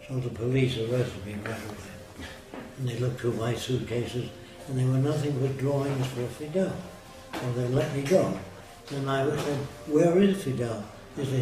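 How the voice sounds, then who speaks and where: An older man talking casually, telling plain-spoken anecdotes and giving blunt opinions. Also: mid-range voice. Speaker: guest. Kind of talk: casual storytelling conversation. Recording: roomy echo, far mic, music behind.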